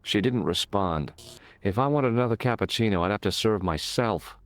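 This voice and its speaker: An actor playing a wry young American tourist with an American accent, dry and wisecracking. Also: male voice, lowish voice, normal speed, lightly acted.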